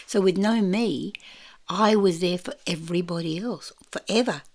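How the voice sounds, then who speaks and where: An older Australian woman telling her life story in an interview, animated, acting out the voices of people in her stories, with some casual swearing. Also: lowish voice, normal speed. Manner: animated, acts out quoted voices, mild swearing. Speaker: interview guest. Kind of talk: storytelling in conversation.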